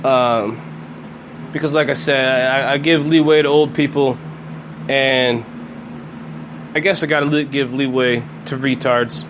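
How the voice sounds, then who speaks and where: A man's voice: medium pitch, fairly even intonation, unhurried, pauses often, background noise. A man in his thirties hosting a podcast, ranting bluntly and swearing constantly, often stumbling and restarting his sentences. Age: 30s. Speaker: podcast host. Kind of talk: profane solo rant.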